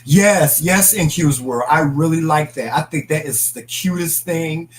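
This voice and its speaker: A man's voice: a little high, unhurried, rough recording. A man co-hosting a casual live-stream talk show, reading comments and laughing as he talks. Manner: animated, laughing, reads viewer comments aloud.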